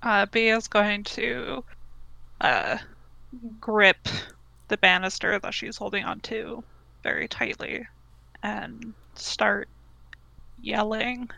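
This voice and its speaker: Woman role-play player, slow, gravelly, bright tone. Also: medium pitch, fairly even intonation, no room sound, low-quality recording. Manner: slow, describing actions in third person.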